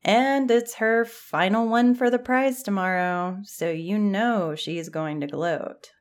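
Brief: woman reading as a mellow, joking teen camper girl, storybook. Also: mid-range voice, takes it slowly, lightly acted. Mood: easygoing. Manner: laid-back, tired.

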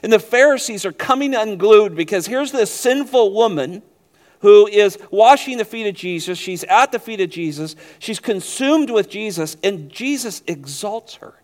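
A man preaching a sermon as pastor, rising to loud emphatic stretches and dropping to quiet low passages, often repeating words as he restarts a phrase. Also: expressive, normal speed.

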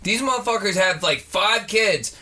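A man's voice: high voice, lively intonation, moderate pace, sharp tone. A man in his twenties, a podcast guest, talking in a profane, slangy, emphatic way. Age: 20s. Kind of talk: casual podcast chat.

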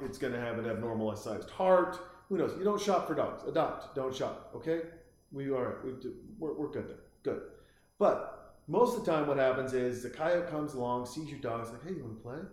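Man, host, casual comic rambling, profane, frequent restarts, very echoey room. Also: medium pitch.

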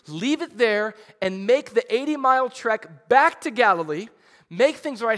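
A man preaching a sermon in a conversational, animated way, with frequent restarts and asides. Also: very high-pitched, unhurried, big-room sound. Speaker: pastor.

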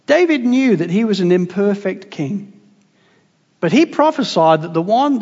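A male pastor with a high voice preaches with passion, moving from ringing declarations down to soft, hushed asides. His voice carries a long reverb, as in a church hall. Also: muffled recording. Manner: passionate, swings from loud proclamation to hushed tenderness. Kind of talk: sermon.

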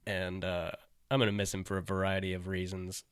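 A man's voice: low-pitched, monotone, a little fast, smooth, no echo, clean studio sound. A middle-aged man, a stand-up comedian, telling a story in casual, laid-back chat, swearing and livening up when he quotes friends.

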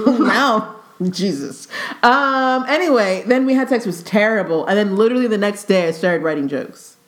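A young woman comedian telling a story in a casual podcast chat, animated and profane, laughing often and acting out the dialogue. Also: fairly high pitch, moderate pace. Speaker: stand-up comedian guest. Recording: roomy echo.

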